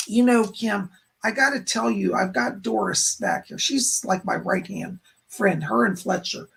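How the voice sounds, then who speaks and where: This man's high, fairly bright voice moves at normal speed and is getting hoarse. He's a psychic medium on a live stream, doing readings for donors and rambling as he passes along messages from spirits.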